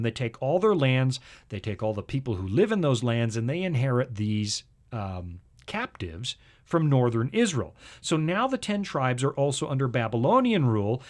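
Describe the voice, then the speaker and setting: A male talk show host at a mid-range pitch, chatting with his co-host in an easy, joking way. He shifts into a confident, firm lecture on scripture and history. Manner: jokey, lively storyteller who lectures with conviction. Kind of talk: casual Bible talk show chat.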